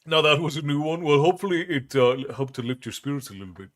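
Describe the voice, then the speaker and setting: A man's voice: on the high side, lively intonation. A man hosting a tavern-themed live stream, chatting casually and thankfully with his audience between songs. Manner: unhurried, thankful, easygoing banter.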